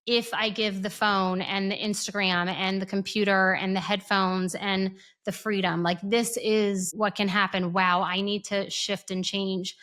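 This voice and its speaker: A woman in her thirties speaks in an unscripted monologue at a middle pitch. She is blunt and candid, and she swears without much care. She trips over her words, repeats them and restarts as her thoughts run ahead. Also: unhurried, fairly bright tone. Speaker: parenting podcast host. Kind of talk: casual opinion monologue.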